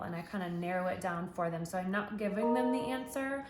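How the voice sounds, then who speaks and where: A woman's voice: mid-range voice, a little fast, hardly any pauses, slight background noise. Patient woman teacher in an echoey room. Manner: patient, stretches out letter sounds. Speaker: kindergarten teacher. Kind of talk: tutorial for parents.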